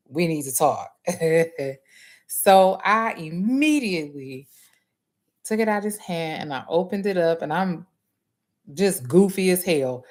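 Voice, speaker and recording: A woman, animatedly telling her viewers a story and laughing often. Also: deep voice. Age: adult nursing student. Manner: animated, laughs often, Southern US dialect grammar. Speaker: livestream host.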